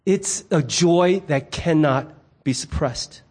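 A man's voice: a little high, takes it slowly. A middle-aged man, a pastor, preaching a sermon in a conversational, humorous way and acting out the voices in his stories. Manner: animated storyteller who acts out quoted voices.

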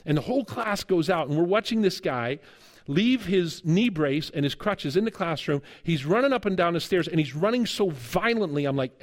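A middle-aged man preaching a sermon, telling a lively story with humor and chuckles as a guest preacher and seminary teacher. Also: high-pitched, moderate pace.

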